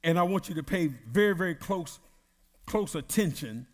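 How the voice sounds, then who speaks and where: A man's voice: fairly high pitch, expressive, big-room sound. A man preaching as pastor at a Bible study, emphatic, drawing out words and calling on the congregation to answer. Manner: emphatic, drawn-out preaching with call-and-response.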